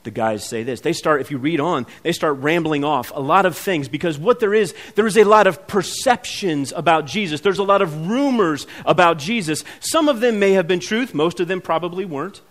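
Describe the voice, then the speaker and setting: A high-pitched man delivers a sermon in a church sanctuary. He talks to the congregation like a conversation, acts out the people in the scripture, and then presses hard at the key points. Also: animated, normal speed, few pauses. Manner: conversational preaching, acts out quoted voices, builds to emphatic peaks. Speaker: pastor.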